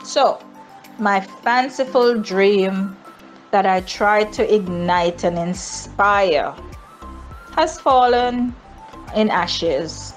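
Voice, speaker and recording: A Jamaican woman hosting a daily travel news segment, lamenting and sarcastic, with high mock-cheerful whoops. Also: very slow, soft background music. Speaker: travel company news host.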